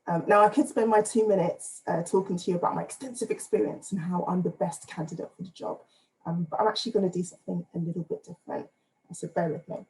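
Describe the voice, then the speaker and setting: A woman's voice: on the low side, steady tone, quick pace, darkish tone, rough recording. A woman giving a playful, self-deprecating but earnest candidate speech over a video call. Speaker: candidate for advisory council.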